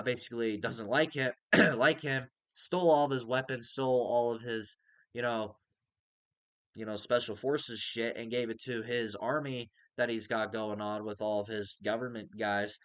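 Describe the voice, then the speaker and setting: A man's voice: mid-range voice, a bit bright, no echo. A man giving a casual, rambling review of a TV episode, with many fillers and casual swearing. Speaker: TV show reviewer.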